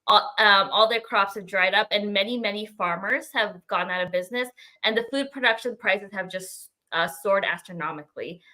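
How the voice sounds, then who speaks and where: Bright-voiced woman presenting a podcast segment. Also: mid-range voice, rough recording. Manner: laughs often, reads notes with many ums. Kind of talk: casual chat and prepared segment.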